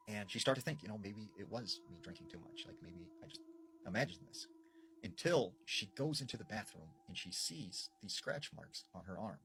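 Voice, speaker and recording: A man tells a spooky story in a loose, chatty way, full of little fillers. His voice sits low but swings up and down with real animation. A faint room ambience hums behind him. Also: a little hiss or hum, poor audio. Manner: animated, conversational with frequent fillers. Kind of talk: casual spoken scary storytelling.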